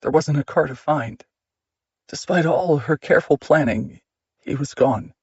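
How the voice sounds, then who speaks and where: Husky-voiced man reading an audiobook. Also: fairly high pitch, unhurried, darkish tone, dry recording, dull audio. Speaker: audiobook narrator. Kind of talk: scripted audiobook narration.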